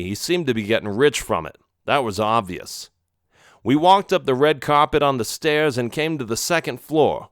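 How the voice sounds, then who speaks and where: A man reads a children's adventure story aloud in the first person, his pitch moving in a lively way. His voice sits in a middle register, and the recording is dry and close with no room sound. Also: dry recording. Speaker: audiobook narrator. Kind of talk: storybook narration.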